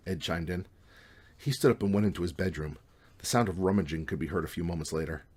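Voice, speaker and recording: Author-narrator, male, relaxed wry novel reading, deep and husky. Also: quick pace. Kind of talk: audiobook reading.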